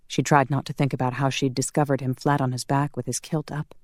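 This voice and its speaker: An audiobook narrator reading a romance in a measured, calm manner. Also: mid-range voice, no room sound, studio quality. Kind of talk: scripted narration.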